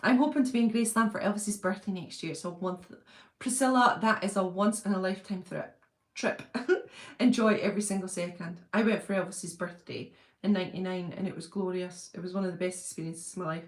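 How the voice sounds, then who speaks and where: A woman's voice: on the low side, fairly even intonation, fairly quick. A woman hosting a casual live stream, chatting, laughing often and reading out viewer comments. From Britain. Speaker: channel host reading live chat. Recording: roomy echo.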